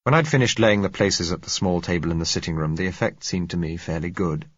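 A man narrating an audiobook in a measured, dramatic reading. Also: sits low, slightly rough, no room sound. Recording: dull, dry recording.

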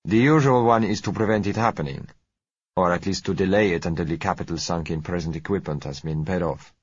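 A man voicing a suave, polite South American oil dealer who speaks gently and slowly. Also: low voice, breathy edge, dry recording, dull audio. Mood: confident. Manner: polite, gentle, slow and measured.

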